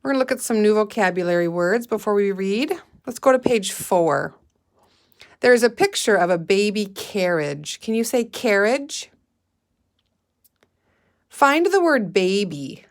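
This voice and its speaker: A woman teacher leads a guided reading lesson for young children with patient, deliberate prompts. She speaks at an unhurried pace, with a voice of ordinary middle pitch. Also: expressive.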